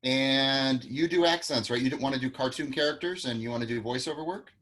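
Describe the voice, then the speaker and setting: A man's voice: mid-range voice, a little fast, a bit bright. Man coaching an acting class on a video call. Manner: direct, encouraging, gives practical coaching tips. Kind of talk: online acting class feedback.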